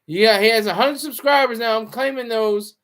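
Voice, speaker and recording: Man, high voice, livestream host, casual joking commentary, talks to chat. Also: moderate pace, fairly bright tone.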